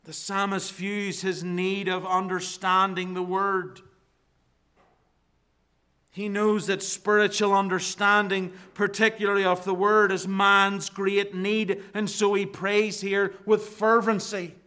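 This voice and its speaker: Guy preaching real slow, bright voice, gets fervent. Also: sits high, level tone, clean tone. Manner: slow, rising to fervent emphasis. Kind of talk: sermon.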